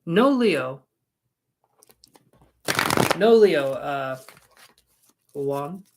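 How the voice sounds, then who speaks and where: A man's voice: on the high side, expressive, drawn-out words, noisy background. A man giving live-stream tarot readings, chatty and rambling, making jokes at his own expense. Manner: rambling, self-mocking, chatty. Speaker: tarot reader.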